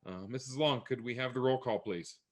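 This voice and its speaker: A man's voice: mid-range voice, fairly quick. A man chairing a school board meeting, reading procedural notices in a plain way with many fillers.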